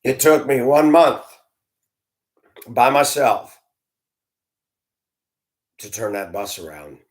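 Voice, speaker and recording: A man's voice: mid-range voice, sing-song, slow pace. Middle-aged man telling a personal story. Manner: conversational, addresses listeners directly, acts out dialogue in his telling. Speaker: former school bus driver.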